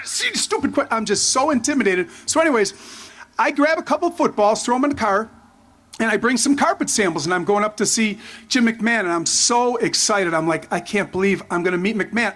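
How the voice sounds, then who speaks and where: A man in his fifties giving a memorial tribute speech as a former player, telling stories animatedly, acting out quotes and often restarting his sentences. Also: high-pitched. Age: 50s. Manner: animated, excitable storyteller who acts out quotes. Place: stadium memorial event.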